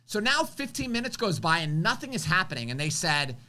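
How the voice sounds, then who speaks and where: A man's voice: sits high, fairly quick. A man co-hosting a live show, telling an emotional story and acting out what people said. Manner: animated, acts out quotes, swings loud and soft. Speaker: co-host.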